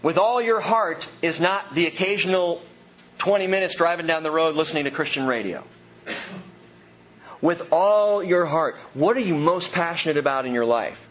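A man's voice: a little high, lively intonation, moderate pace, a bit bright, dull audio, a little hiss or hum. A man preaching a sermon, earnest and emphatic, asking his listeners question after question. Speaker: pastor.

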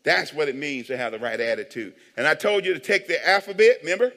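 Male pastor, high and bright, animated joking sermon delivery, long church reverb. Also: fast. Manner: animated, joking, calls for amens. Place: church sanctuary.

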